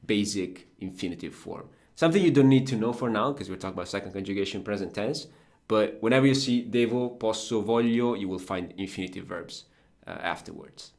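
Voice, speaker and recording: Podcast teacher, Italian man with an Italian accent, lowish voice, patient explainer. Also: brisk, creaky. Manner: explanatory, with fillers and restarts. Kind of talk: casual language podcast lesson.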